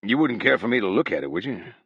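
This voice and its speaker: A man voicing a stern older rural hog owner from who speaks in a slow, dry drawl. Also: lowish voice, animated, slightly rough, no echo, lo-fi sound. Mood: dry shrewd.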